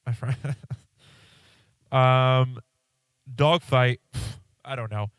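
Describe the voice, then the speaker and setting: Very slowly and in a steady tone, a congested podcast host rambles through a casual solo show, cutting off thoughts and swearing offhandedly. The smooth, resonant mid-range voice is heard close, with no echo or room sound.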